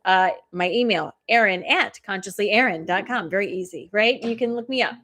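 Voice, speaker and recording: A woman hosting a live stream, giving spiritual oracle card readings and chatting with viewers in a fast, soothing way. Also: mid-range voice, fairly bright tone, a little hiss or hum. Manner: talks fast. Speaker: intuitive reader and coach, live stream host.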